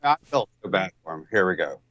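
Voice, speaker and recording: A man's voice: low voice, big pitch swings, fast, fairly bright tone, no room sound. Rambling, hesitant man, dry lo-fi sound. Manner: rambling, hesitant, heavy swearing. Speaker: guest. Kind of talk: casual chat. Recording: dull dry lo-fi audio.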